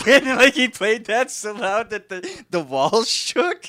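A man's voice: high voice, sing-song, takes it slowly, pushed and bright. A young man telling a story in casual chat, rambling with lots of "like", laughing often and acting out the voices.

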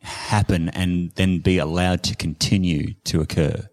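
A man co-hosting a podcast, measured and thoughtful, pausing with fillers as he builds his point. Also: sits low, fairly even intonation, darkish tone. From Australia. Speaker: podcast co-host. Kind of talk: casual podcast chat.

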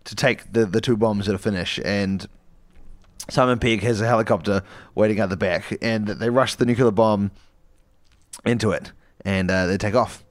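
A man co-hosting a comedy podcast, retelling a film plot in a rambling way with many fillers. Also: on the low side. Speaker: podcast co-host.

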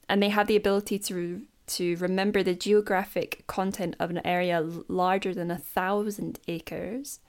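A woman's voice: fairly low pitch, a little mellow. A woman co-hosting a casual podcast, talking with frequent ums and restarts. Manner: many ums and restarts, chatty. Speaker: podcast co-host.

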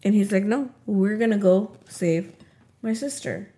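A woman with a medium-pitched voice recaps a TV episode casually at a measured pace. She retells the scenes with animation, acting out the characters' quotes.

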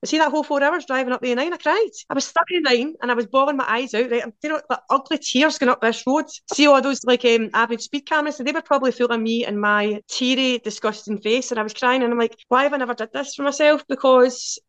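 Glaswegian woman, 40s, podcast guest, rattles off chatty anecdotes at speed, voice sits a bit high. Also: no echo. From Scotland. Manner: lively and chatty, quick run-on anecdotes. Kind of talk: casual storytelling.

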